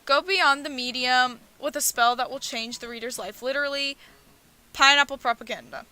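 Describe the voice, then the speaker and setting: A young woman with a high, bright voice reads a dating game aloud on stream. She slips from the game's text into joking asides, laughs and swears as she goes. Her tone stays playful and loose throughout. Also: steady tone, normal speed.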